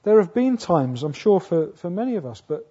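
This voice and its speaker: A man preaching a sermon earnestly, asking rhetorical questions, restarting phrases, rising to loud emphatic peaks and sinking low again. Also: very animated, moderate pace, breathy edge. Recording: dull lo-fi sound.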